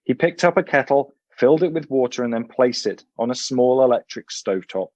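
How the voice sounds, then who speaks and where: A male author reading his book aloud, then chatting in a relaxed way as a podcast guest. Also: mid-range voice, a little fast, dry recording. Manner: relaxed and expressive, some uh fillers.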